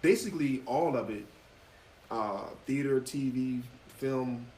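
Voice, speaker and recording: A man's voice: medium pitch, unhurried, a little hiss or hum. Man talking in an echoey room. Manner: relaxed, storytelling, many fillers. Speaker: guest actor and author. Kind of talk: casual interview talk.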